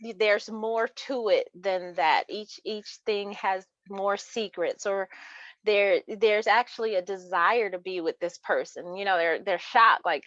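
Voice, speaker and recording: A woman's voice: medium pitch, measured pace, a bit bright, dry recording. A chatty woman author talks through her reading picks, laughing often and circling back on her words. Her voice is dull and lo-fi, with a dry, close sound. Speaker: author and interview guest. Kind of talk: casual chat about books.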